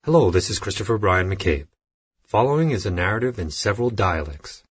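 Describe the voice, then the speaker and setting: A man's voice: fairly low pitch, animated, brisk, slightly rough, dry recording, studio quality. Punchy male commercial announcer. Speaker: voice actor demo reel. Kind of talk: announcer and character voices.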